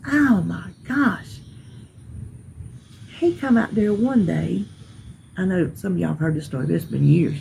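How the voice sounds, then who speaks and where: A woman telling a story about her neighbors outdoors in a folksy, emphatic, animated way. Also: lowish voice, a little slow, gravelly, a little hiss or hum, poor audio. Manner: folksy, emphatic, animated retelling with hollered quotes. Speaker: vlogger. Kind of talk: casual storytelling.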